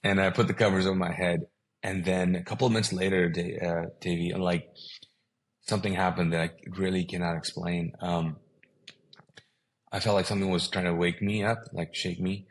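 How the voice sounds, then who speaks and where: Deep-voiced guy, urdu is his first language, tells his story animated, plays out the back-and-forth. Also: moderate pace. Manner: animated storyteller, acting out quoted dialogue. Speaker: guest. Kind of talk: telling a personal story.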